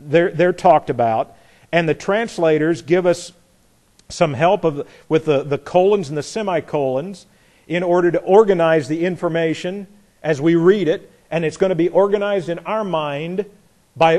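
A man with a slightly high voice leads a Bible study class. He talks deliberately, restarts and repeats words, and puts questions to his listeners. When he reads scripture aloud, he leans on the key words. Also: a little mellow. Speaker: Bible teacher.

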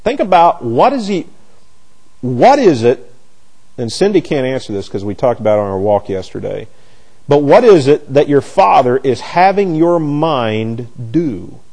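Halting, mellow-voiced male Bible teacher. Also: medium pitch, sing-song. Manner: halting, repeats words while searching for phrasing.

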